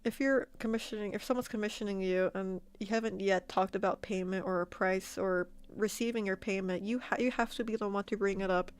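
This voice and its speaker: A woman streamer and artist telling a story to her chat in a casual, animated way, laughing often and repeating words. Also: mid-range voice, a little fast, few pauses, clear, resonant tone. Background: faint background music.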